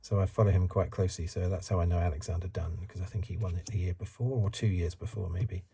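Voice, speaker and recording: Soft-spoken man, very husky. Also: low-pitched, fairly even intonation, fast talker. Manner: soft-spoken, drifts into whispers, rambling asides. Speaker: ASMR channel host. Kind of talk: soft-spoken ASMR card review.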